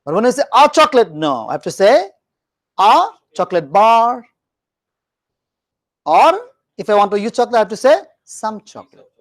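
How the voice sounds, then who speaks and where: A man teaching a grammar lesson in a classroom, animated and joking with his students. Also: high voice, normal speed, pauses often. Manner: animated, joking with students, mixes in Hindi phrases.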